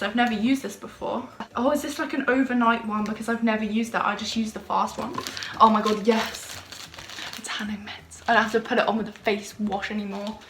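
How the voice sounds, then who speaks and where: A young woman chatting casually to camera in her bedroom, bubbly and gushing. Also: fairly high pitch. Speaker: vlogger. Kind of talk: casual vlog chat. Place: bedroom at home. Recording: roomy home recording with faint noise.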